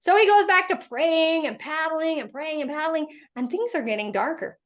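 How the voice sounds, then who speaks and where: A woman's voice: high voice, animated, moderate pace. A woman giving a faith-based motivational talk to women, telling a story and acting out the voices in it. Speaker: host.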